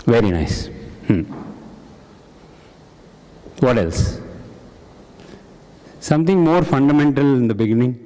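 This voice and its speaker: A man's voice: medium pitch, sing-song, takes it slowly, long pauses, mellow. A man leading an interactive spiritual class who quizzes his audience and praises their answers. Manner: questioning and encouraging the audience. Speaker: satsang discussion leader. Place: large hall with an audience. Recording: reverberant hall.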